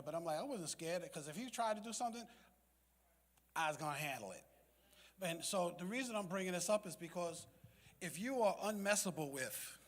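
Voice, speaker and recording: A man with a slightly high voice tells a streetwise personal story to a gathered group. His words ring out with a long reverb from the hall. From South Bronx, New York. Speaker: community meeting speaker.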